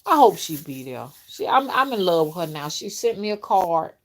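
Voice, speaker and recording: A middle-aged woman chatting casually on a live stream, folksy and warm with her viewers, reading out their comments and calling them y'all and honey. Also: fairly low pitch, very animated, moderate pace. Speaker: spiritual rootworker hosting a live stream.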